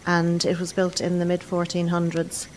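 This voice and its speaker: Irish lady gardener explaining stuff, low flat voice, bit of rumble in the background. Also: normal speed, poor audio. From Ireland. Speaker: head gardener. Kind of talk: interview answers.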